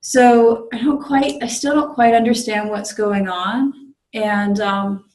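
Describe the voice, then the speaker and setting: A woman's voice: on the high side, steady tone, slow pace, a little mellow. Zen priest lady telling a story at a meditation group, um-filled and chatty, roomy echo. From United States. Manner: conversational, many fillers and restarts. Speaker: visiting Zen priest giving a dharma talk. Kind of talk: storytelling dharma talk.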